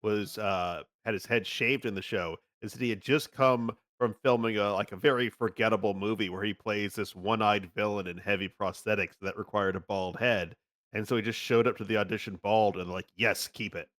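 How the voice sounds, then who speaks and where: A man's voice: fairly low pitch, fairly even intonation, fairly quick, a bit bright. A man chatting casually with friends, telling dry anecdotes as a game player. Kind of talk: casual group chat.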